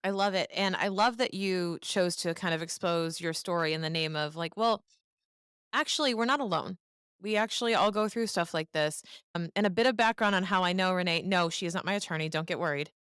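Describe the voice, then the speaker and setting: A woman with a North Shore Boston accent hosts a podcast, speaking briskly in a lowish, slightly bright, smooth voice. She's chatty and laughs as she asks long, rambling questions, and the studio sound is clean with no echo.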